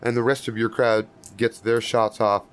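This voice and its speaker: A man's voice: mid-range voice, level tone, moderate pace, heavy background noise. A man narrating as game master in a tabletop game, in a loose, profane, chuckling way.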